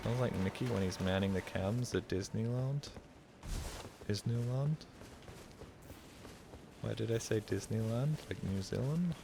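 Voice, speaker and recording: A man's voice: fairly low pitch, measured pace, gravelly, long pauses, noisy background. A man streaming a video game, talking casually in a rambling, profane, joking way. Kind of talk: casual live-stream gaming commentary.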